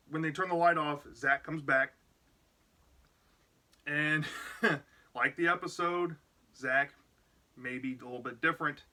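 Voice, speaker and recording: A man's voice: medium pitch, bright, forceful tone. A man casually retelling a book's plot as a reviewer, rambling with lots of "like" and "you know". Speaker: book reviewer.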